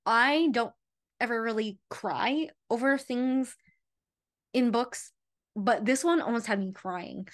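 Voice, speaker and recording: A woman's voice: fairly high pitch, takes it slowly. A young woman chatting emotionally about a favorite book and reading passages aloud. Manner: gushing, emotional. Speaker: book reviewer.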